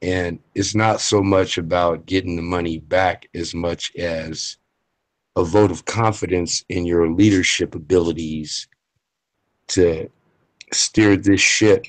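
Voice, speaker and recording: Slow, deep-voiced male caller. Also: fairly even intonation. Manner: laid-back, playful, rambling. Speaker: guest caller. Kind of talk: casual chat on a call. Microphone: home mic, too close at first.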